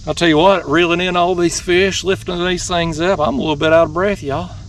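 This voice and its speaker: Excitable man fishing from a kayak. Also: high-pitched, distant mic, noisy background. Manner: excitable, folksy, laughs often, says "y'all". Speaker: fishing channel host. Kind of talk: excited outdoor vlog commentary. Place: on a kayak outdoors on a lake.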